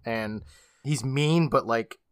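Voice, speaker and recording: A man's voice: mid-range voice, clear, resonant tone, dry recording, clean studio sound. A man co-hosting a podcast, casually recapping an episode and laughing often as he quotes the characters. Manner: retells scenes with quick put-on quotes, laughs often. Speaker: podcast co-host.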